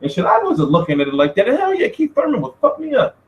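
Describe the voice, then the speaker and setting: A man's voice: very high-pitched, quick pace, highs cut off. A man hosting a boxing vlog, telling stories in a casual, profane, slangy way with frequent laughter. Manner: animated, laughing, slangy storytelling. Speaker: boxing media vlogger. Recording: roomy echo.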